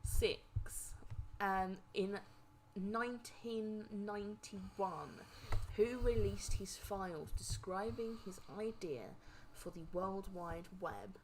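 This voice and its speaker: A woman reads quiz questions at a slow, careful pace, faltering over unfamiliar names. Her pitch sits in an ordinary middle range. Behind her voice there is a faint hiss of background noise. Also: a little mellow, low-quality recording. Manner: reads slowly, stumbles over hard names. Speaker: quiz host reading questions. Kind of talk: casual home quiz video.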